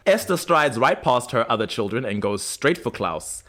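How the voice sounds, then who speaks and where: A man co-hosting a podcast, recapping a TV episode in casual chat, animated and laughing between acted quotes. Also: mid-range voice, moderate pace. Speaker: podcast co-host.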